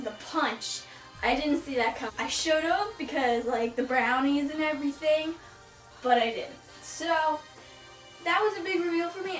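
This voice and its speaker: A teenage girl giving a casual book review, exasperated and ranting, mocking the characters in put-on voices. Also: sits high. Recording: echoey room, far from mic, faint music.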